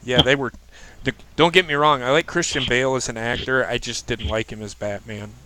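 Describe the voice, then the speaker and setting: A man's voice: medium pitch, steady tone, brisk, sharp tone, a little hiss or hum, low-quality recording. Blunt, opinionated man chatting casually. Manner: blunt, opinionated, swears freely. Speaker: podcast host. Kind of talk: casual chat.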